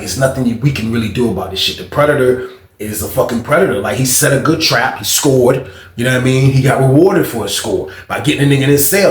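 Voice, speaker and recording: A man's voice: mid-range voice, roomy sound, slight background noise. A man casually telling a prison story with plenty of fillers and swearing. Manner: casual, profane, lots of fillers.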